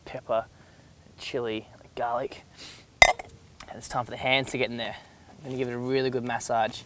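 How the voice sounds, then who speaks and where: A man's voice: medium pitch, level tone, normal speed, background noise. A young man hosting a casual cooking demonstration in an upbeat, enthusiastic, chatty way. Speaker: cooking show host. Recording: music playing underneath.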